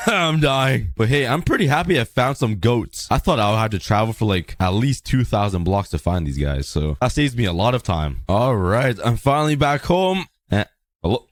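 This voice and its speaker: A man narrating his Minecraft gameplay in a playful, jokey way, chatting to the animals, hoarse from being sick. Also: mid-range voice, big pitch swings, unhurried, dry recording. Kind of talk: casual gameplay commentary.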